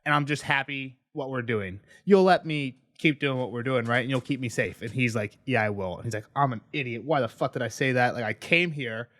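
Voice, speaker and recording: A man's voice: mid-range voice, a little fast, few pauses, a bit bright, dry recording, studio quality. A young man co-hosting a podcast, casually and animatedly retelling a book chapter, swearing freely and acting out the characters' lines. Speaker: podcast co-host.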